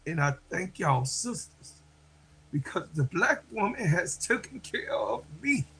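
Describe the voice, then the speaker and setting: A man hosting a livestream, speaking to his viewers slowly and from the heart, often repeating himself and getting emotional. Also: high-pitched, big pitch swings, creaky, a bit bright, slight background noise, rough recording. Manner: slow, heartfelt, repeats phrases. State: emotional, near tears. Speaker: livestream host.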